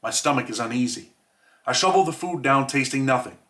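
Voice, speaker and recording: A man from New York reading aloud from his own memoir in a measured, reflective way. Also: mid-range voice, animated, pushed and bright. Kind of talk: audiobook reading.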